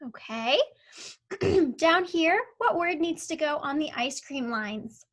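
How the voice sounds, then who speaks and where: A young woman leads a kindergarten phonics lesson in a high, bright voice. She speaks slowly and patiently, stretching out each word and spelling letters one by one for small children. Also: expressive. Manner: patient, slow, sounds out words and letters. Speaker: kindergarten teacher.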